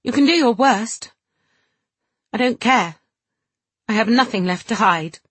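A proud young Englishman, voiced in an audiobook by a woman reader, speaks quietly in a husky, low tone. His words come strained and guarded, as if he is holding back tears. The recording is dry and close. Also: measured pace, no echo. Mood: stern.

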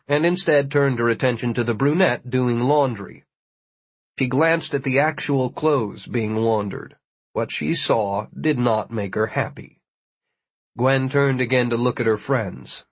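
A man's voice: mid-range voice, slightly rough, no room sound. A man reading an audiobook aloud in a dry, wry storytelling manner. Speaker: audiobook narrator. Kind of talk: scripted narration.

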